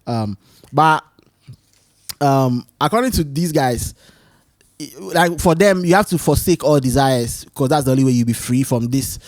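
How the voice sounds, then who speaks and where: A man hosting his own solo talk show, rambling and animated as he tells stories, often restarting his sentences. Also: mid-range voice, measured pace, dry recording, studio quality. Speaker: podcast host. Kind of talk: casual solo chat.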